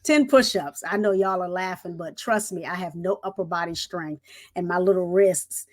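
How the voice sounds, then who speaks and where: Middle-aged lady vet telling her story, folksy and lively, talks right at the audience. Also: fairly low pitch, moderate pace. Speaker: retired Air Force veteran guest. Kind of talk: storytelling interview.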